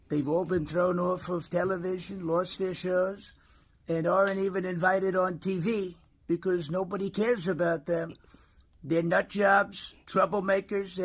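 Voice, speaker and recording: A man doing a comic impression of a brash, boastful president reading his own post, with mocking, drawn-out emphasis. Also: high-pitched, husky.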